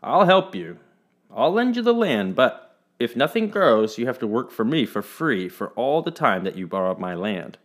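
A man voicing a kind, gentle old village grandfather in a told folk tale, knowing and gently amused. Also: mid-range voice, big pitch swings, normal speed.

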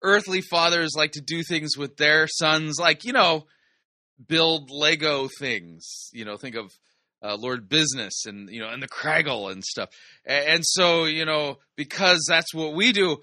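Guy picking apart sermon clips, sarcastic, really bright voice, dry close mic. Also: fairly high pitch, measured pace, dry recording. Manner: sarcastic, incredulous asides. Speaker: host reviewing sermon clips. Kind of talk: casual critical commentary.

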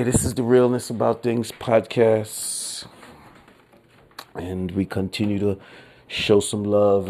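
A man's voice: fairly low pitch, warm tone, slight background noise. A man hosting a solo podcast in casual, profane street slang, laughing between lines. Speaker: podcast host.

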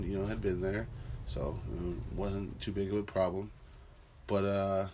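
Man, 30s, low voice, casual personal storytelling, rambling with fillers. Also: a little hiss or hum. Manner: rambling, many fillers and restarts. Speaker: father telling a personal story.

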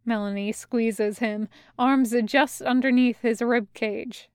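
A woman narrating a fanfiction audiobook in a calm, gentle manner. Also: a little high, takes it slowly, few pauses, clear, resonant tone, dry recording, clean studio sound. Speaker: audiobook reader.

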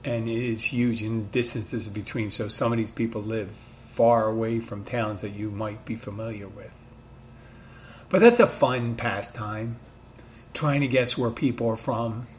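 A man with a mid-Atlantic accent carrying hints of Philadelphia, speaking at a middling pitch in a loose, rambling monologue. He thinks aloud and restarts his sentences often. A faint hiss of noise sits behind him. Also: unhurried. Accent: mid-Atlantic American with Philadelphia touches. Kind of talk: casual monologue.

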